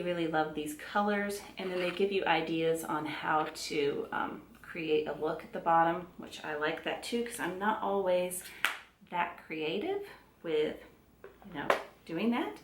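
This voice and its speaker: A middle-aged woman with a Southern US accent chats casually to camera as a beauty vlogger, relaxed and self-deprecating. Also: on the low side, reverberant. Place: room at home.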